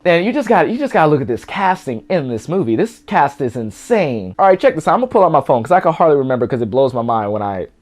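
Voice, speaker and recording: A man in his twenties giving a casual reaction review at home, chatty and excitable, rambling with lots of fillers. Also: mid-range voice. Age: 20s. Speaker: movie reviewer.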